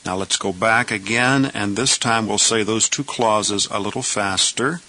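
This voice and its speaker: A man teaching pronunciation in a slow, patient lesson, saying each word deliberately and repeating it for the listener. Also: lowish voice, pushed and bright, rough recording. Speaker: Greek teacher.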